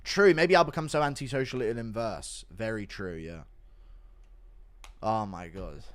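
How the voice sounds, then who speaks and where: A man livestreaming and reading viewer donations in a casual chat, mumbling in a downbeat way, breaking into loud ranting bursts, and swearing freely. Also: on the low side, unhurried. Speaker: streamer.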